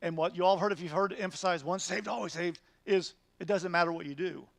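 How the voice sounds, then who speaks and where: A man leads a midweek Bible study as pastor, teaching in an earnest, emphatic way and pushing his points with rhetorical questions. His voice sits fairly high for a man. The sound is close and dry, with almost no room echo. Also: quick pace, gravelly.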